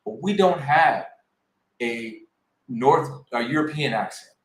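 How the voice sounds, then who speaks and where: A man's voice: medium pitch, expressive, slow. A man in his forties co-hosting a casual podcast discussion, talking in an emphatic, worked-up way. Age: 40s. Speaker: podcast co-host. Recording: echoey room.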